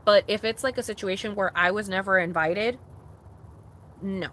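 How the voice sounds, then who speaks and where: A young woman vlogging in a casual rant, blunt and heavy on swearing, with emphatic repeated refusals. Her pitch sits in the middle of the range. A faint hum of traffic is heard behind her. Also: normal speed, pauses often, a bit bright. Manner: blunt, profane, emphatic repetitions.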